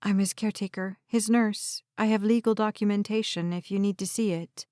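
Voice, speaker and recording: A woman voicing an anxious, protective young caretaker who talks gently and soothingly. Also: mid-range voice, fairly even intonation, a little fast, no room sound, clean studio sound, lightly acted. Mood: worried.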